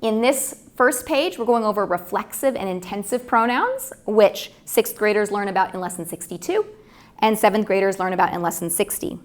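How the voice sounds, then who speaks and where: A woman's voice: medium pitch, normal speed. A woman teaching sentence diagramming, explaining each step patiently. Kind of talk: grammar lesson narration.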